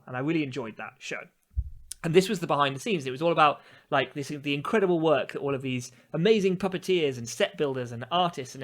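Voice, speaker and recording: A man co-hosting a chatty podcast, his voice sitting a little high. He tells stories with lively, mocking exasperation. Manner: animated storyteller, mocking exasperation. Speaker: podcast co-host. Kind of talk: casual chat.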